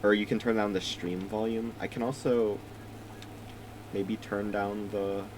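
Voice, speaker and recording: A young man, a let's play streamer, casually narrates a video game he's just starting, rambling, swearing and laughing often. His voice is fairly low and darkish, with a flat, slightly slow delivery. The recording is rough, with slight background noise.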